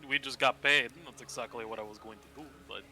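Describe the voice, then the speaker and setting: A man's voice: medium pitch, fairly even intonation, fairly quick, bright, forceful tone, slight background noise, low-quality recording. A man playing a tabletop role-playing game, talking in a hesitant, stammering way with sighs. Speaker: player. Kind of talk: casual tabletop role-play.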